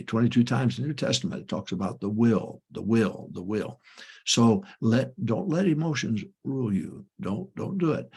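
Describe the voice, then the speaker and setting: Gravelly older pastor giving emphatic advice. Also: male voice, mid-range voice, lively intonation, moderate pace, darkish tone. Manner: emphatic, repeats admonitions, folksy anecdotes. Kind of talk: folksy ministry advice talk.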